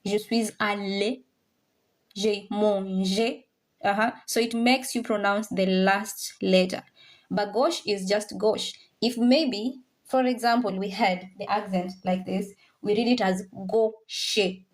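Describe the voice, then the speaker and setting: Slow, patient woman teaching French. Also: medium pitch. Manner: patient, repeats each word slowly to drill pronunciation; mixes English, French and some Swahili phrases. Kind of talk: live online language class.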